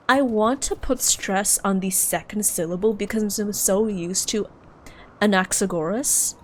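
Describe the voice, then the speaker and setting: A woman's voice: mid-range voice, slight background noise. A woman streaming a game live, giggly and playful, chatting with her viewers and practising how to say words. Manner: giggly and playful, chats with viewers and drills pronunciations.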